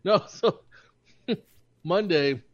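A man's voice: high voice, drawn-out words. Rambling laughing man on a dull podcast mic. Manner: rambling, laughing storyteller with stammering restarts. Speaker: podcast co-host. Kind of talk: casual chat.

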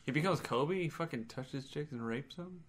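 A man's voice: on the high side, moderate pace. A young man co-hosting a podcast, chatting casually in a crude, teasing, profane way. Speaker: podcast co-host. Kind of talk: casual chat.

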